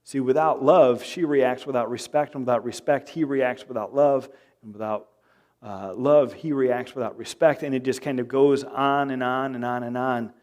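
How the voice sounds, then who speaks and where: A male pastor preaching a sermon in church, joking with the congregation and acting out quoted arguments in his own voice. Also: medium pitch. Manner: animated, jokey, acts out quoted arguments. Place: church sanctuary.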